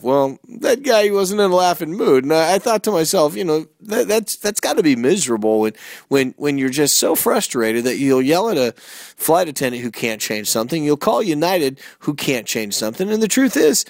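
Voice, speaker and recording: A middle-aged man hosting a motivational talk, energetic and storytelling, with emphatic rhetorical questions. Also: a little high, no room sound, clean studio sound. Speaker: motivational speaker and host.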